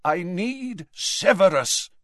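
A man voicing a weakened, elderly wizard who stays calm and in command, speaking slowly and quietly. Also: sits high, no room sound, clean studio sound, voice pushed up. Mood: weak.

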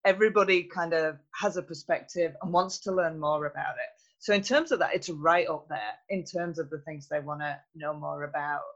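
Podcast guest, measured and reflective, mid-pitched, muffled lo-fi sound. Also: fairly bright tone. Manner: thoughtful, measured, with frequent fillers. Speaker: interview guest, youth health researcher. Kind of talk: conversational interview.

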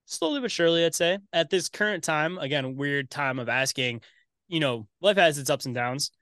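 A man's voice: on the high side, lively intonation, moderate pace, a bit bright, dry recording, clean studio sound. A man talking as a podcast guest in casual chat, loose and rambling, swearing a lot and calling his host "dude".

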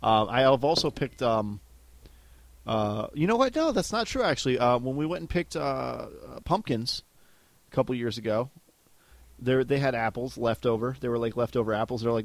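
A man's voice: medium pitch, moderate pace, no echo. A man co-hosting a casual podcast, telling stories with put-on voices and joking around. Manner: animated, puts on voices when telling stories. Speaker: podcast co-host. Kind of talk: casual chat. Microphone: headset.

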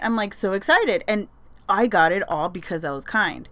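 A woman's voice: medium pitch, big pitch swings, normal speed, fairly bright tone, no room sound. A young woman telling a story casually, chatty, with lots of fillers and frequent swearing. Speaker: vlogger sharing advice.

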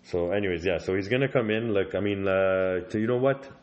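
A man's voice: low voice, brisk, dull audio. A man hosting a comedy podcast in a loose way, swearing casually and trailing off. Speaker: podcast host.

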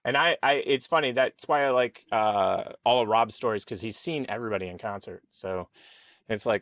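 A man co-hosting a casual podcast, joking and animated, drifting into quiet asides. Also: fairly low pitch, moderate pace, no room sound, studio quality. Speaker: podcast co-host. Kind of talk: casual chat.

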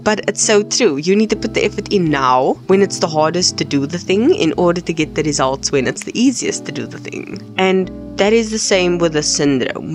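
A young woman hosts her own podcast and rants with emphatic, exasperated force. Her voice sits a little low for a woman. Faint music plays softly behind her. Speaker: podcast host. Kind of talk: solo podcast rant.

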